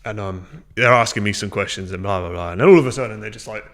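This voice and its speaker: A man's voice: fairly low pitch, quick pace, fairly bright tone. Blunt, swearing man. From England. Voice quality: blunt, swears freely, acts out dialogue. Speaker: strength and conditioning coach, guest. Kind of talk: casual podcast chat.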